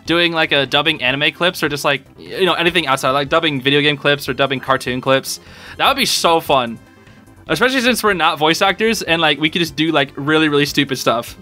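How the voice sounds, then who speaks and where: Male podcast host, slightly high, bright voice, rambling and excitable in casual chat. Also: quick pace, soft background music. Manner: excitable, rambling, laughs often.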